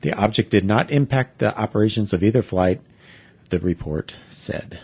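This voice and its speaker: A man co-hosting a podcast, easygoing in casual chat and measured when reading a news report aloud. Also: fairly low pitch, darkish tone, breathy edge, no room sound. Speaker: podcast co-host.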